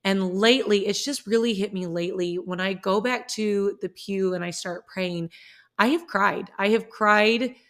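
A middle school teacher talks earnestly and from the heart about her faith in a personal vlog, often restarting her sentences. Her mid-range voice moves at a normal speed and has a fairly bright tone.

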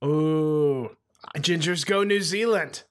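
Fields: Voice: easygoing, slightly high male co-host. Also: takes it slowly. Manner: easygoing, giggly, stammers a little. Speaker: podcast co-host. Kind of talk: casual chat.

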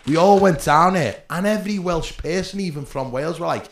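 A man's voice: a little high, brisk, roomy sound. Swearing Scouse man telling stories. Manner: swearing, storytelling, loud laughs. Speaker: podcast guest. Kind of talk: casual chat.

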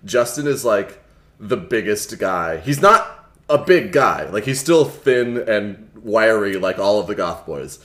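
A man's voice: on the low side, sing-song, a little slow, a bit bright. A man co-hosting a comedy podcast, riffing jokes with lots of laughter. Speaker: podcast co-host. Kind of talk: comedic chat.

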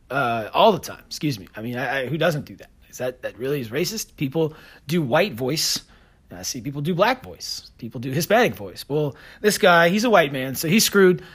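Combative high-voiced man ranting. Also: a bit bright. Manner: combative, sarcastic, fast-talking. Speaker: podcast host. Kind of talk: opinionated solo podcast rant.

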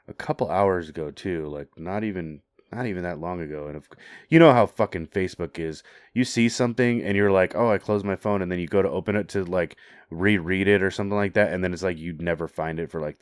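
A man's voice: low-pitched, fairly quick, dry recording, clean studio sound. A man chatting casually on a podcast, rambling and hesitant with lots of filler words and casual swearing. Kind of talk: casual chat.

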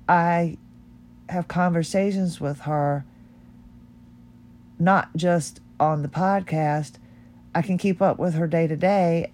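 With a dark tone and a voice on the low side, a middle-aged podcast host speaks tearfully in her own personal monologue. Her talk is heartfelt and candid, and it rambles.

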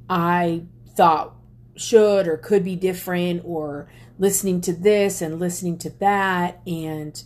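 A woman speaking to an audience, telling a personal story slowly and deliberately, with pauses and restarts. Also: fairly low pitch, a little mellow. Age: adult parent. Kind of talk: reflective personal talk to an audience.

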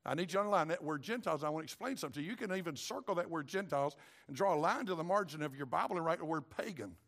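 A middle-aged pastor preaching with a high, gravelly voice. He sinks to a quiet, low tone for solemn points, then climbs into raised, ringing shouts. The delivery is a fervent sermon to a congregation. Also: animated, very fast. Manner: preaching with rising shouts on key phrases.

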